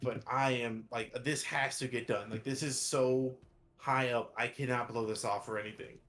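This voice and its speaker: A man's voice: mid-range voice, steady tone, normal speed, a bit bright, soft background music, natural voice. A man voicing a harried, overworked woman magistrate who snaps at her staff and talks in a flustered rush. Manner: frazzled, snapping at assistants, flustered. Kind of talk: tabletop role-play voicing.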